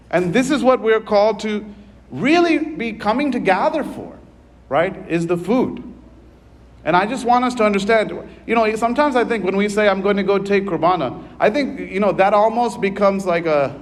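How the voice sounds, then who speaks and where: A man giving a sermon in a church as its priest, preaching in an earnest, conversational way with frequent asides to the congregation. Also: high voice.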